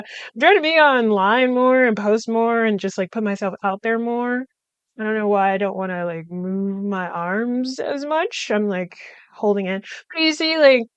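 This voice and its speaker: A young woman chats through a loose, rambling update, dropping fillers as she goes. Her voice is smooth and clear, recorded dry with no room sound. She talks slowly, and the sound is a little dull. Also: mid-range voice, no echo. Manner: rambling, chatty, with frequent fillers and laughs. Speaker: podcast host. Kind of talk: casual vlog update. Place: room at home.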